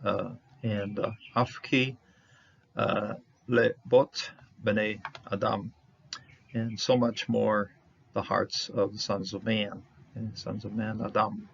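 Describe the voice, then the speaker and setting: A man teaching a Bible word study, halting with many fillers as he sounds out Hebrew words. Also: fairly low pitch, level tone, gravelly, a bit bright, husky, highs cut off.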